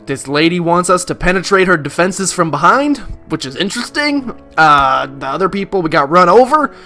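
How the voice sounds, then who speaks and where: A man's voice: high-pitched, animated, moderate pace, sharp tone, soft background music. A man hosting a let's play video, reacting in a joking, bemused way. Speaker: gaming video host.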